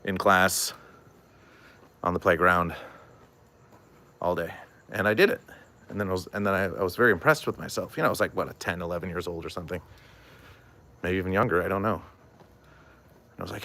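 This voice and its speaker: A man's voice: deep voice, fairly quick, creaky, pauses often, bright, forceful tone. A young man chatting casually on a livestream, rambling with lots of fillers and answering chat. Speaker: comedian streamer.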